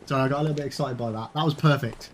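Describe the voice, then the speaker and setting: A man streaming a game live, excitable, swearing and exclaiming at what happens on screen. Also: mid-range voice, rapid-fire, a little hiss or hum. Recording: game music playing under the voice.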